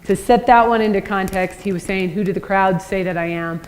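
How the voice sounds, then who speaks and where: Woman, church teacher, conversational lecture, checks in with listeners, mid-pitched voice, reverberant hall. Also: fairly quick. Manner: conversational, asks the audience with "right?". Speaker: Christian apologetics teacher.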